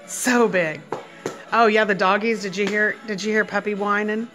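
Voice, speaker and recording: A young woman at home feeding her son, filmed on a phone, switching between soft murmured questions and high cheerful praise. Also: steady tone, normal speed, soft background music. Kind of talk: casual home video chat.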